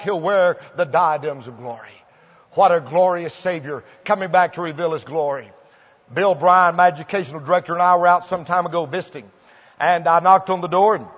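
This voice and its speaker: A man preaching a revival sermon, telling folksy stories and building to fervent shouting. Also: high-pitched. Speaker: pastor. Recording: muffled old recording in a large hall.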